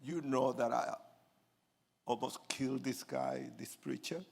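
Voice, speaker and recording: Slow-talking older man telling his story. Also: mid-range voice, creaky, husky. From Puerto Rico. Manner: acts out quoted lines, swings from hushed to loud; jokes with the audience. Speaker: speaker giving his testimony. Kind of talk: dramatic storytelling testimony.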